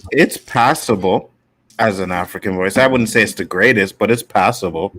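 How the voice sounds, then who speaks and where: A man co-hosting a casual podcast chat, relaxed and slangy, often restarting his sentences. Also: fairly low pitch, normal speed, poor audio. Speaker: co-host.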